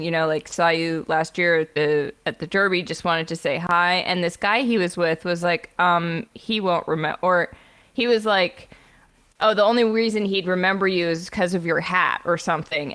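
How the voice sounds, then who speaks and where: A young adult woman co-hosting a podcast, telling a story in a casual, animated way, with lots of laughing and filler words. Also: lowish voice, normal speed, clear, resonant tone. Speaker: podcast co-host.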